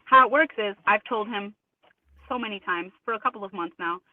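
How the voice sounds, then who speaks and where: Over a dry, tinny phone line, this interview guest talks a little fast at a medium pitch. She's forceful and outraged, imitating others' voices whenever she quotes them.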